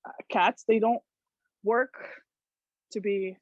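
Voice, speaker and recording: A woman's voice: medium pitch, takes it slowly, no room sound. Woman hosting a talk show in a dry, dull recording. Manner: animated storyteller who acts out voices. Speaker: host. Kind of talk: casual chat on a talk show.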